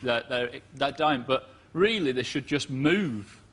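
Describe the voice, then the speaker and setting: A man's voice: medium pitch, lively intonation, a little slow, slight background noise. A man on a comedy panel musing in a laid-back, wry way. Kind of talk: casual comic musing. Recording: TV studio with loud crowd.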